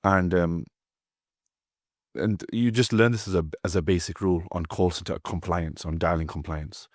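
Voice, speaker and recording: A man's voice: low-pitched, steady tone, moderate pace, no room sound, clean studio sound. A man hosting a podcast interview, talking casually with a few fillers. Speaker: podcast host.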